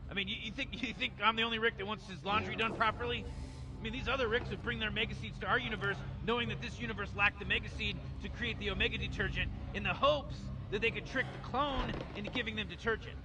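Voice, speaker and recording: A man doing a fast-talking scheming Rick. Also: high voice, steady tone, natural voice. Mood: smug. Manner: rambling, dismissive. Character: scheming careless old male mad scientist. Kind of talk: fan voice impression over gameplay.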